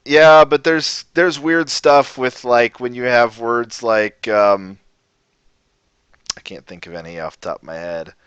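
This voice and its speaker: A man's voice: mid-range voice, a little slow, clear, resonant tone, no room sound. Laid-back man teaching on a livestream. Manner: relaxed, rambling, self-correcting. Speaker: language teacher. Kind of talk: casual livestream lesson. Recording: dull lo-fi stream audio.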